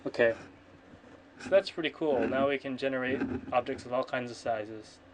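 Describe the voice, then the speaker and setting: A man's voice: mid-range voice, moderate pace, noisy background. Man thinking aloud while coding. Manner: rambling, self-correcting, mutters to himself. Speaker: programmer streaming his coding. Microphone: computer microphone. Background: keyboard typing and clicks.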